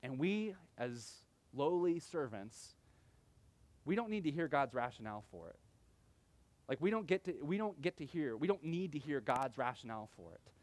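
A man's voice: on the high side, very animated, normal speed, darkish tone. A young adult man preaching a sermon in a conversational style, often acting out quotes with sudden animation. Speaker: pastor.

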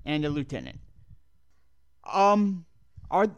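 A man playing a tabletop game who thinks aloud and asks quick questions about the rules. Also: on the high side, very animated, clear, resonant tone, no echo. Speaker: player.

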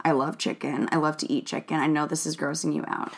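A woman's voice: sits low, fairly even intonation, fast talker, gravelly. A woman co-hosting a casual podcast chat, playful and mock-indignant. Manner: playful, mock-indignant, puts on a British accent for quotes. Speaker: podcast co-host.

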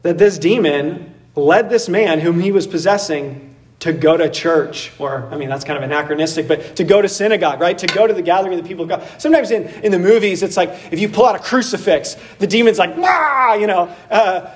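Man, pastor, sermon, high voice, casual, lively, heard from a little distance. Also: brisk. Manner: conversational, animated, acts out voices with laughs. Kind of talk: expository sermon.

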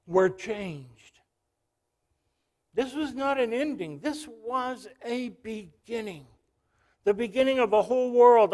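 A man's voice: sits high, a little mellow. A male pastor preaching a sermon, telling a story and calling out to the congregation.

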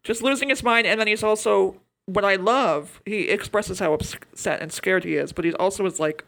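A woman's voice: mid-range voice, normal speed, creaky, a bit bright. A woman co-hosting a podcast, chatting casually and retelling movie scenes with acted-out quotes. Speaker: podcast co-host. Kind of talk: casual chat.

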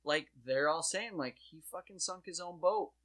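A man with a fairly high, bright and forceful voice, riffing through a loose, rambling political chat. He talks in an animated way and swears freely as he goes. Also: normal speed.

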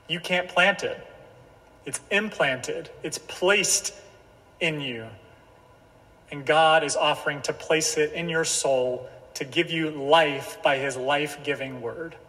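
A man pastor delivering a sermon, slow and emphatic, repeating key phrases. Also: fairly high pitch, bright, forceful tone. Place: church sanctuary. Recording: church hall reverb.

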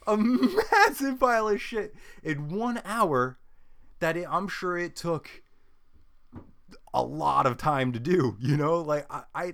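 A man's voice: very animated, slow pace, creaky, fairly bright tone. A young man in casual chat, ranting with heavy swearing and frequent laughter. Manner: profane ranting, mimics people in a high voice; laughs often.

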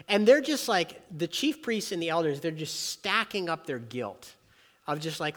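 A man's voice: on the high side, moderate pace. Man preaching in an echoing hall. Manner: animated preaching that drops to soft earnest prayer. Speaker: pastor. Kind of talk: sermon.

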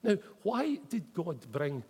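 A man's voice: on the high side, sing-song, slow pace, vocal fry, darkish tone, husky. Man, Scottish accent, preacher, conversational storytelling sermon, raised voice, long hall reverb. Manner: chatty, uses local words like wee and mate. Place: church hall with congregation.

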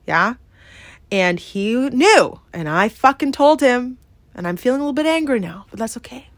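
A woman's voice: a little high, expressive, moderate pace, no room sound. A woman hosting a podcast, telling a personal story in a candid, emphatic way full of swearing and "like". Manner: emphatic and profane, heavy use of "like" and "yeah?". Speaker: podcast host.

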